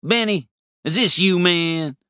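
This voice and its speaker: A man voicing an exasperated businessman talking on his cell phone, raised and lively. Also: sits high, takes it slowly, smooth, no room sound, studio quality, voice pushed up, exaggerated voice. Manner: brash, exasperated.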